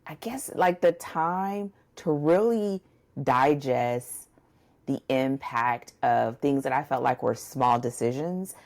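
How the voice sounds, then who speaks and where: Very low-voiced woman, chatty, gravelly. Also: slow, darkish tone. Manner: rambling, chatty, says "y'all" and "listen" often. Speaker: podcast co-host, book coach and editor. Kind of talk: casual chat.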